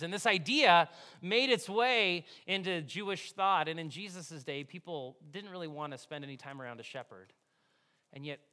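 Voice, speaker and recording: A man preaching a sermon as pastor, animated and conversational, swinging from hushed, intimate passages to loud, excited ones. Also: fairly high pitch.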